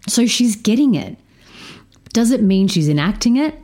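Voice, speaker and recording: A woman telling a story about parenting her stepdaughter, speaking in a slow, measured, reflective way. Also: medium pitch, very animated, warm tone. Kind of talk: storytelling talk.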